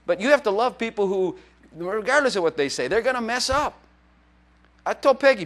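Male pastor preaching in church, slightly high voice, chatty and jokey, acts out little quotes. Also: expressive, brisk, fairly bright tone. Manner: joking, conversational preaching with playful acted quotes. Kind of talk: sermon.

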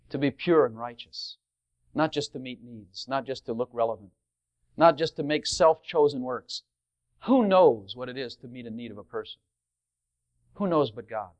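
A man preaching a sermon to a congregation, asking rhetorical questions and swinging into loud emphatic passages. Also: a little high, lo-fi sound.

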